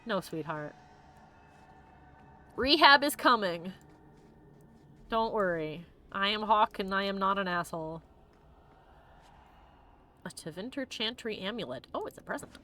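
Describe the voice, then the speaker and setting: Woman, let's play streamer, bright voice, lively pitch, jokey and giggly. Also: a little slow, pauses often. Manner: bubbly and joking, laughs often, acts out characters' lines. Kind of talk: casual gameplay commentary.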